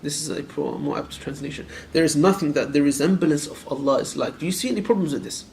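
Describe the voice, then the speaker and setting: Fast-talking man teaching a creed class. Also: on the high side, vocal fry, darkish tone, slight background noise. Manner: questions the students directly, repeats phrases for emphasis; recites Arabic verses quickly. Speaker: Islamic teacher. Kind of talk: classroom lecture on a creed text.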